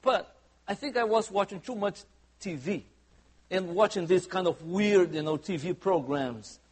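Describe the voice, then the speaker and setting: A man's voice: high-pitched, measured pace, a little mellow, breathy edge. A man preaching a sermon as pastor, conversational and humorous, often asking the congregation questions. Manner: humorous asides.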